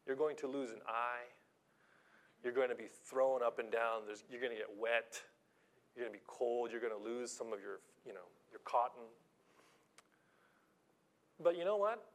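A man voicing a worn old stuffed toy horse that speaks wisely and gently, in a calm, unhurried, reassuring way. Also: medium pitch, natural voice. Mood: gentle.

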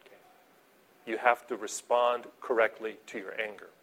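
A man preaching a sermon as a pastor, animated, swinging between soft asides and loud emphasis. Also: lowish voice, moderate pace.

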